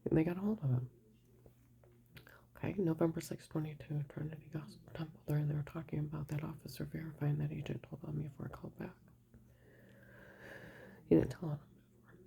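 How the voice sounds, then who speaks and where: A woman's voice: low-pitched, flat delivery, a little fast, gravelly, pauses often, dark tone, a little hiss or hum. An older woman giving a rambling, agitated personal account, mostly in a whisper. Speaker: vlogger telling her story.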